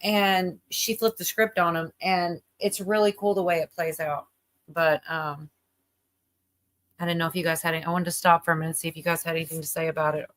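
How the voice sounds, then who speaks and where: A woman's voice: fairly low pitch, steady tone, a little fast. A woman hosting a livestream, chatting casually and rambling with lots of fillers while she reacts to a video. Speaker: livestream host.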